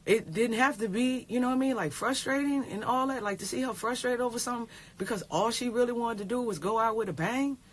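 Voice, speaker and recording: A woman with a fairly high-pitched voice talks fast with hardly any pauses. She's a pro basketball player on a casual phone livestream, rambling tearfully, repeating herself, and swearing.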